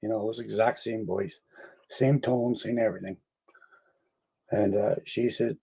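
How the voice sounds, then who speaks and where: This older paranormal investigator has a lowish, mellow voice with a creaky, slightly rough quality. His tone stays steady at a moderate pace, broken by long pauses. In a casual interview he rambles through his own stories, laughs a lot, and performs the voices of the people in them.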